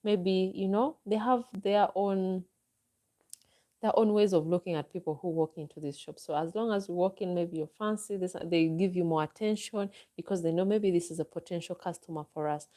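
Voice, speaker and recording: A Ugandan woman with a Ugandan accent talks through a live chat, answering viewers in a relaxed, advising way. Her voice sits a little low and sounds soft and mellow. She speaks at an easy, unhurried pace. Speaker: vlogger.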